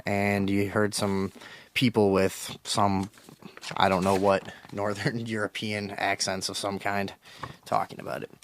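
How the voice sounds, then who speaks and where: Crude, swearing radio host. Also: male voice, on the low side, completely flat delivery, a little slow, slight background noise. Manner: crude, loose, swearing, mock-aggressive with callers. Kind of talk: profane call-in radio talk. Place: small radio studio.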